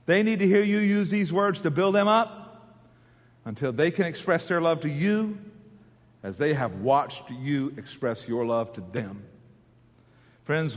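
Middle-aged preacher guy, high voice, fired-up sermon, church hall reverb. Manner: impassioned preaching, leads congregation in call and response. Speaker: pastor.

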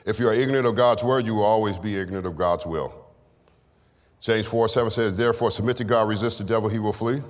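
A man's voice: fairly low pitch, steady tone, fast. A man preaching a sermon and giving testimony, with call-and-response lines to the congregation. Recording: long hall reverb.

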